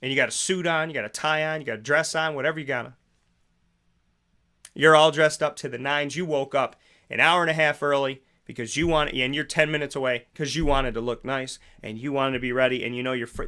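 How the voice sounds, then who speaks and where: A man's voice: medium pitch, steady tone, fairly quick, sharp tone. A male host giving a preachy motivational morning monologue, asking rhetorical questions and repeating phrases for emphasis. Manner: acts out both sides of imagined conversations.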